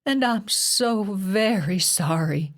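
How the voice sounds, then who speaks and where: A woman doing a soft tearful mother. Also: mid-range voice, animated, a little slow, slightly rough. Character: gentle worried mother, middle-aged woman.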